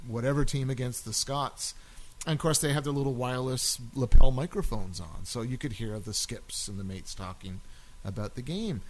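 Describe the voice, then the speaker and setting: Regular-pitched guy rambling on a chat podcast, lots of restarts and laughs. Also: slight background noise, low-quality recording. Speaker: podcast co-host. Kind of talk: casual chat.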